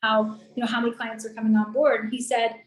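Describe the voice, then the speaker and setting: A woman's voice: on the high side, flat delivery, quick pace. Chatty, upbeat woman in an echoey room. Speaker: lead generation and call center business owner. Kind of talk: casual sales pitch on a coaching call. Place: in Colombia.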